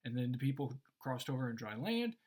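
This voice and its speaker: A man with a medium-pitched voice talks fairly quickly while teaching about Christianity in a casual discussion. He tells his anecdotes with animation, acting out the voices of those involved.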